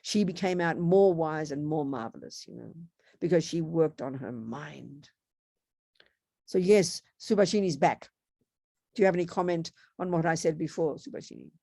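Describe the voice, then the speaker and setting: A woman's voice: sits low, expressive, moderate pace, gravelly, mellow, no echo, clean studio sound. A woman with an Australian accent giving a Buddhist teaching, speaking bluntly and emphatically. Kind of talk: online Dharma talk with discussion.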